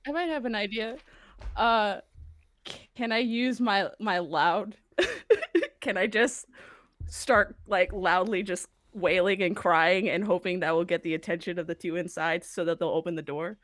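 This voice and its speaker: A woman's voice: mid-range voice, a little slow, fairly bright tone, no room sound. A woman playing in a tabletop game, hesitant and stammering, with frequent giggles. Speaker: player. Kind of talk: casual tabletop play.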